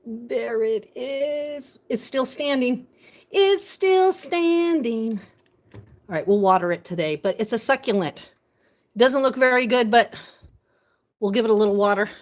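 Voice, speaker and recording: High-voiced chatty woman streaming from her kitchen. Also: normal speed. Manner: chatty and joking, answering viewer comments aloud. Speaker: live-stream host. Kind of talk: casual live-stream chat while cooking. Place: home kitchen.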